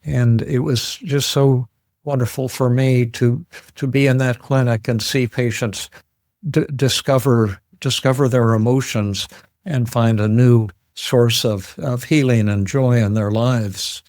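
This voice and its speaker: An older man telling a story in a conversational way, halting often and repeating words as he goes. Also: mid-range voice, steady tone, a little mellow, no echo, clean studio sound.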